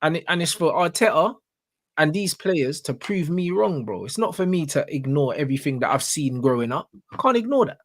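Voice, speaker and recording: A man's voice: on the high side, expressive, fairly quick. A man with a London accent ranting about football in casual chat, emphatic and repeating himself. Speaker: football pundit.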